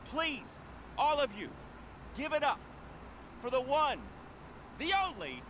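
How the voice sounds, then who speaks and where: A man's voice: very high voice, takes it slowly, heavily acted. An actor playing a brash, boastful and slightly desperate male DJ hosting a club opening. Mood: hyped. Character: boastful washed-up male party DJ. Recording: game audio with steady noise.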